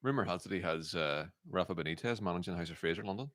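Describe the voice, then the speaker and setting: A low-voiced man talks fast in a lively, bouncing way as co-host of a football watchalong. The sound is dry and close, with no room around it. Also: no echo. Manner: quick, animated, joking. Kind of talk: casual chat.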